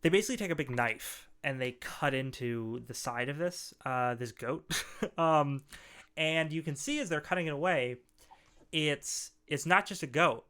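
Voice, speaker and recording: Man, game master, tabletop narration, chatty, smooth voice. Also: on the high side, normal speed, a bit bright. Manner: chatty, laughs often, many fillers.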